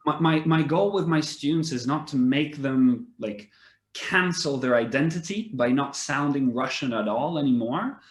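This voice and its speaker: A man who is an English teacher, a guest on a casual podcast, speaking in a thoughtful, measured way and often repeating words as he thinks. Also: mid-range voice, lively intonation. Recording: roomy echo.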